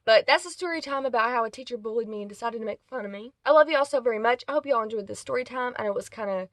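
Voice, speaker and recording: A woman's voice: a little high, rapid-fire, a bit bright, no echo. A woman telling a casual storytime vlog, rambling and correcting herself as she goes. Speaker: vlogger.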